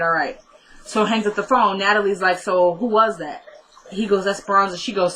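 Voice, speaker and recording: A woman chatting through a TV episode recap in a relaxed vlog style. Her voice sits at a middle pitch. She retells scenes by quoting the characters' lines one after another and breaks off for teasing asides to her viewers. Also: rough recording. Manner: playful asides and mock complaints to the viewer. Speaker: TV episode reviewer.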